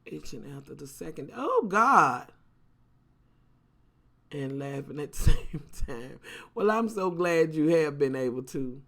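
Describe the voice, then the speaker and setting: A woman's voice: deep voice, sing-song, a little slow, pauses often, a bit bright. A woman vlogger telling a story casually and talking straight to her viewers, cursing freely and with lots of animation.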